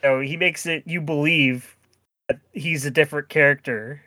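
A man's voice: fairly high pitch, steady tone, moderate pace, pushed and bright, no echo. A man chatting casually as a podcast co-host, rambling with many restarts and frequent laughs. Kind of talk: casual chat.

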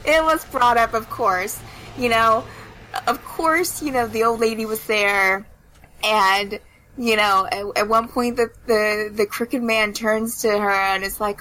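A woman's voice: on the high side, fairly even intonation, measured pace, pushed and bright, slight background noise, poor audio. A woman co-hosting a podcast, chatting casually about a video game in a rambling way and acting out the characters' lines. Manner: rambling, lots of fillers and acted-out quotes. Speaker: podcast co-host.

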